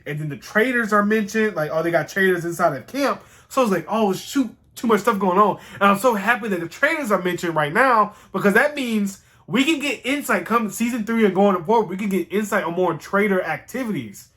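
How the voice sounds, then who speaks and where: A man giving a casual, rambling recap of a TV season, animated and excitable and swearing freely. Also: high-pitched, brisk, few pauses. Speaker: show host reviewing a TV series.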